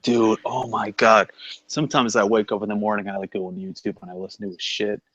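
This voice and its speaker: Brief: excitable co-host man, husky lowish voice, lo-fi mic, casual profane banter. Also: quick pace. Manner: excitable, swears a lot, loud outbursts.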